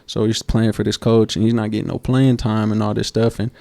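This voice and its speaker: A man co-hosting a basketball podcast, telling coaching stories in a casual, animated way and acting out quotes. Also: on the low side, brisk, vocal fry, dry recording. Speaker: podcast co-host. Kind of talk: casual storytelling chat.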